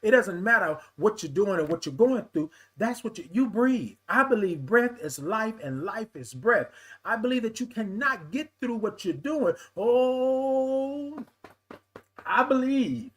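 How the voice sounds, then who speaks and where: A man hosting a live morning talk stream, lively and playful, greeting viewers by name and calling them "y'all". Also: high-pitched, normal speed. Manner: lively, playful, sing-song with laughs and calls of "y'all". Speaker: livestream host.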